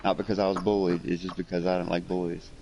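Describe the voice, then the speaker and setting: Man, casual chat, blunt and profane, low voice, faint background hiss. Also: level tone, fast, gravelly. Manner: blunt and profane, acts out quoted confrontations loudly. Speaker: friend chatting.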